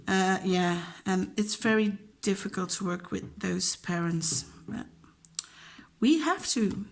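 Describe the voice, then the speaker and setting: A woman's voice: medium pitch, moderate pace, vocal fry. Chatty woman talking about teaching. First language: Dutch. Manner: chatty, emotional, acts out quoted dialogue. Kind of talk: casual chat.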